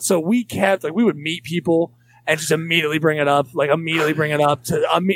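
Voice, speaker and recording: Gravelly-voiced man rambling crudely. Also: on the high side, steady tone, fast, no echo. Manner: rambling, crude, jokey, with many restarts. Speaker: comedian. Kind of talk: casual podcast chat.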